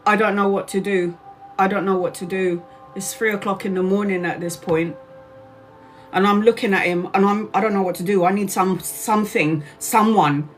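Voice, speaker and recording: A woman tells a story to her livestream audience in a casual, animated way. She swears freely and often says the same thing twice. Faint music plays under her voice. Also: medium pitch. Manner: animated, swears freely, repeats herself, quick and expressive. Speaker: tarot reader and live streamer.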